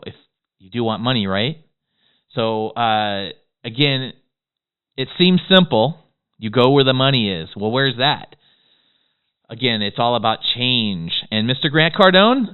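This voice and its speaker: Fast-talking man teaching over tinny audio. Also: mid-range voice, clear, resonant tone. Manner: fast-talking, excitable, peppers lines with "okay?". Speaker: business course instructor. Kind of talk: motivational course lecture.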